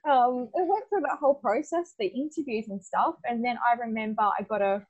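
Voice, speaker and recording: Husky, lively young woman telling a story. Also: on the high side, a little fast, highs cut off. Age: young adult. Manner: animated, laughs often, acts out dialogue. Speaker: podcast guest. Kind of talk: casual interview storytelling.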